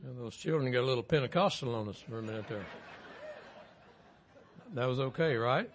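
A man giving church announcements in a relaxed, folksy way. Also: medium pitch, brisk, some chatter behind. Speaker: pastor.

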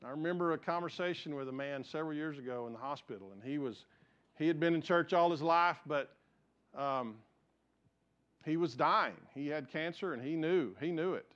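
A pastor preaches a sermon in an earnest, storytelling way. His voice sits fairly high for a man, and he swings between raised emphasis and hushed, quiet passages. The recording sounds dull and lo-fi. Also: normal speed.

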